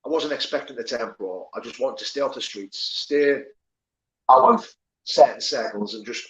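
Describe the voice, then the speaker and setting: A man's voice: mid-range voice, expressive, normal speed, fairly bright tone, rough recording. A man, candidly telling his life story as an interview guest, swearing and rambling with many fillers. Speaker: guest, former prisoner turned pro fighter.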